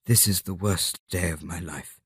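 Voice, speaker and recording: A man's voice: low-pitched, moderate pace, fairly bright tone, breathy edge, dry recording, clean studio sound, pitched below the performer's own voice, heavily acted. A man voicing a grieving younger brother prince in a storybook reading, speaking mournfully.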